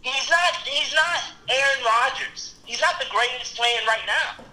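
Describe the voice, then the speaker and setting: A man's voice: very high-pitched, sharp tone, low-quality recording. A man appearing as a guest on a casual sports podcast, opinionated and emphatic, stretching out his points. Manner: opinionated, emphatic, drawn-out delivery.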